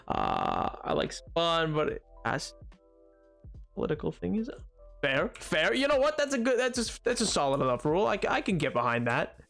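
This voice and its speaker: A man's voice: a little high, huge pitch swings, moderate pace, vocal fry, a bit bright, soft background music. A young man streaming a game, chatting casually with chat in a rambling, self-deprecating way with playful bits. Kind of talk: casual chat while gaming, reading chat aloud.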